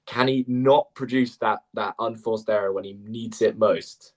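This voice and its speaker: A man calling live tennis play-by-play as co-host, brisk and quick to correct himself with apologetic asides. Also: lowish voice.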